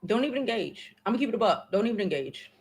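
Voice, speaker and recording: A woman in her forties hosts a casual livestream chat, talking straight to her viewers with blunt, slang-heavy advice and the odd curse. Her voice sits a little higher than most women's. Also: very animated, very fast, darkish tone, husky. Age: 40s. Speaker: livestream host.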